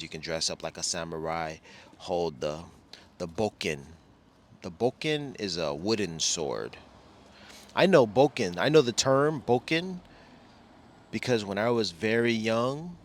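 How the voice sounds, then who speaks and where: A man's voice: low-pitched, expressive, measured pace. A middle-aged man from Los Angeles rambling casually as a travel vlogger, often restarting and correcting himself. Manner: rambling, self-correcting, chatty.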